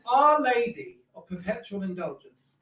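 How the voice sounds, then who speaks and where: A man's voice: extremely high pitch, sing-song, unhurried, a bit bright, soft background music. A man doing a camp, self-mocking stand-up set in a live comedy club. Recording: echoey club, distant mic, crowd laughter.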